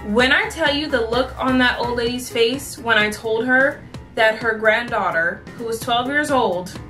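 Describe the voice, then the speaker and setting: Here is a woman on a storytime vlog, sassy and animated as she talks. Her voice is fairly high and very bright. She sits a little back from the mic, and faint music plays underneath. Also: a little slow, recorded from a distance. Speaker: vlogger telling cashier stories.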